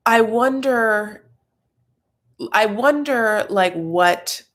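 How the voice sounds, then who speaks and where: A woman hosting a casual live recap chat. She rambles with lots of filler words and slips into quick impressions of people. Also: a little high. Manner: rambling and chatty, heavy on "like"; breaks into quick voiced impressions. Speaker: host.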